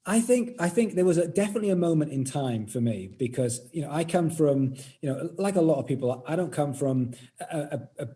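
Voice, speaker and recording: A man's voice: on the high side, animated, brisk, few pauses, mellow. A middle-aged Welsh man with a Welsh accent, a music educator talking modestly as an interview guest, laughing often. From Wales. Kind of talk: casual interview chat.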